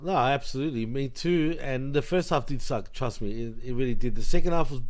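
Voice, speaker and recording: A man's voice: medium pitch, brisk. A man co-hosting a wrestling podcast, blunt and profane, reading out match results between opinions. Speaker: podcast co-host. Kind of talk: casual wrestling recap chat.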